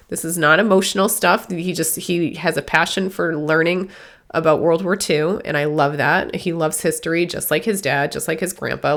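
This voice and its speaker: A woman with a low, grounded voice talks through a spiritual podcast as a medium. She rambles earnestly and stops to correct herself. She sounds teary, with a sniffly nose. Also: fairly bright tone. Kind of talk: casual spiritual podcast talk.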